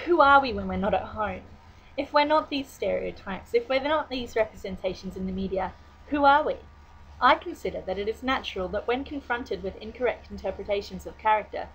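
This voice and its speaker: A young woman from Australia with an Australian accent, who gives a scripted academic presentation as a student in a measured, formal reading style. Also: medium pitch, a little hiss or hum, low-quality recording.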